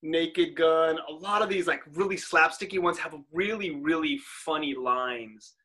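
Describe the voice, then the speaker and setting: A man's voice: fairly high pitch, measured pace. A man in his forties co-hosting a casual podcast chat, talking easily and laughing often. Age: 40s. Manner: chatty, laughs easily, animated retelling. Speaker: podcast co-host.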